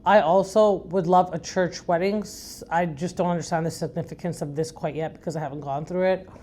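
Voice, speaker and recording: Middle-aged woman from Iran, deep and raspy, frank chatty podcast host who rambles. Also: steady tone, fairly quick, warm tone, slight background noise. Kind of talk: casual recap chat.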